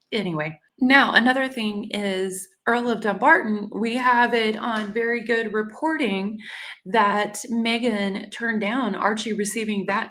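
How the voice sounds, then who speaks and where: A woman's voice: mid-range voice, a bit bright. A woman, hosting casual commentary in a chatty, sarcastic way that is broken up by laughs. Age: 40s. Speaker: commentary channel host. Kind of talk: casual commentary reading news quotes.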